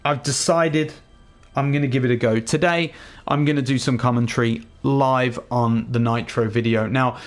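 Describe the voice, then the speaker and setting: An English man talking straight to his viewers in a relaxed, rambling way. His voice sits at an ordinary middle pitch, and he comes across as earnest and chatty as he runs through plans and thanks. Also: moderate pace, faint music behind. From England. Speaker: gaming YouTuber. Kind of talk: casual outro to viewers.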